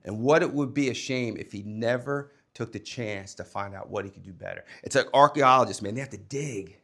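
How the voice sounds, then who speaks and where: In a brisk, mid-range voice, this former coach motivates young listeners, pressing his points hard and shifting back and forth between loud and soft.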